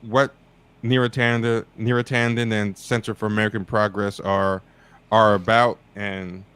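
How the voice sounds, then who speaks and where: Male livestream host, low voice, halting stumbling delivery. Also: level tone, fairly bright tone, clear, resonant tone. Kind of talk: casual livestream chat.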